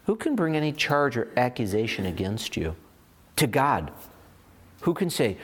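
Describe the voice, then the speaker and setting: A man preaching a sermon as pastor, animated and expressive, voicing little asides and firing rhetorical questions. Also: medium pitch, normal speed, long pauses, breathy edge.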